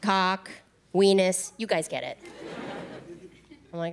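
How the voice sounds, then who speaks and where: A Korean American woman doing a stand-up comedy set, telling stories in a wry, deadpan way. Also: lowish voice, slow. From United States.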